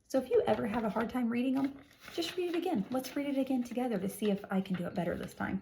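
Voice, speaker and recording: A woman teacher reading a lesson aloud to young children, with an expressive, sing-song delivery and exaggerated emphasis. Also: a little high, quick pace, creaky, a little hiss or hum.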